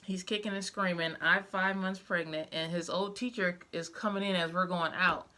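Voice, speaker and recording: A young mother and vlogger with a lowish, bright, forceful voice talks to the camera at normal speed in a steady tone. She tells personal stories about her life as a mother casually, heartfelt and emotional, with many fillers.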